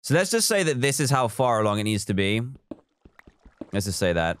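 Low-voiced man chatting on a stream. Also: very animated, brisk, a little hiss or hum. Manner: chatty, reads viewer comments aloud and counts blocks under his breath. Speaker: live streamer. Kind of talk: casual live-stream chat while building in a game.

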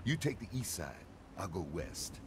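A curt squad leader. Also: male voice, low-pitched, sing-song, moderate pace. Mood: commanding. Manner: curt, commanding. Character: stern male squad leader soldier. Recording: game audio over noisy background.

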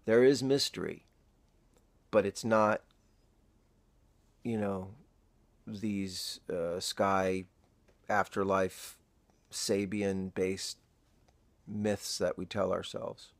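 A grieving father, older, speaking in a halting, reflective way in a personal video diary, close to tears. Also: deep voice, fairly even intonation, dry recording. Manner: halting, reflective, pausing often. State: emotional, near tears.

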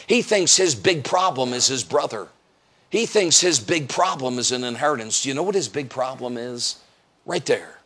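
This American evangelist has a husky, expressive mid-range voice and speaks at a moderate pace during an evening service in church. He delivers an emphatic sermon, firing rhetorical questions, acting out quotes, and at times shouting.

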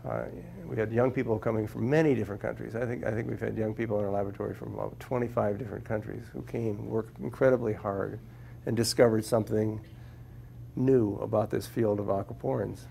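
Gravelly-voiced man telling funny stories. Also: fairly low pitch, fairly even intonation, fairly quick, dark tone, slight background noise. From Minnesota, USA. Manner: humorous storyteller, repeats words while finding them. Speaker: guest speaker, scientist. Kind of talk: anecdotal talk to a class. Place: lecture room with a live audience.

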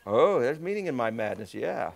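A male pastor preaching a conversational sermon, swinging between shouts and hushed asides. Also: medium pitch, sing-song, normal speed, creaky.

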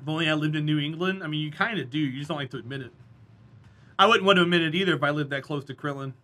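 A man with a high, very bright, sharp voice chats casually with his stream viewers. He jokes and teases, and laughter keeps breaking into his talk. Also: very fast. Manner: joking, teasing, laughs often. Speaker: live streamer.

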